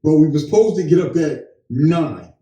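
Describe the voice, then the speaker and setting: Young husband co-host, dark voice, playful storyteller, mic a bit off in a roomy space. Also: male voice, a little high, moderate pace, far from the mic. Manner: joking, animated storyteller acting out dialogue. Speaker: podcast co-host. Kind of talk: casual chat.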